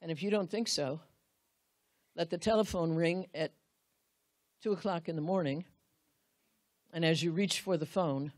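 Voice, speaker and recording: A woman preaching a sermon, with drawn-out, emphatic phrases and wide swings in pitch and loudness.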